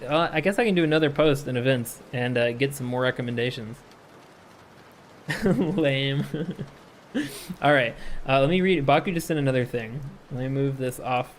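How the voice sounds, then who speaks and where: A man's voice: mid-range voice, a little hiss or hum. A man streamer reading chat aloud and laughing often as he talks casually on a live stream.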